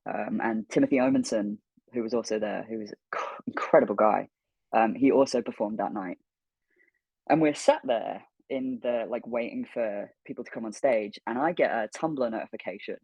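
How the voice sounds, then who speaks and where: A man, a guest voice actor, telling a lively personal anecdote on an interview stream, swearing freely and acting out the dialogue. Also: lowish voice, normal speed, breathy edge, no room sound, muffled recording. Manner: animated, swears freely, acts out quoted dialogue. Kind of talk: storytelling anecdote.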